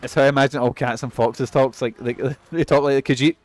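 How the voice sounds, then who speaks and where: A man's voice: medium pitch, steady tone, quick pace. A young man giving rambling, sweary commentary while he plays a game. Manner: rambling and sweary, laughs often. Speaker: streamer. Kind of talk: casual gameplay commentary.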